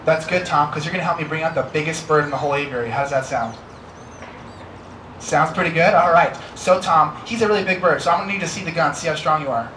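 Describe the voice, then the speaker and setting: A man's voice: on the high side, fast, a bit bright, a little hiss or hum. An American man presenting a live educational bird show, playful and teasing as he coaxes volunteers. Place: outdoor amphitheater stage. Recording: roomy live show sound with music.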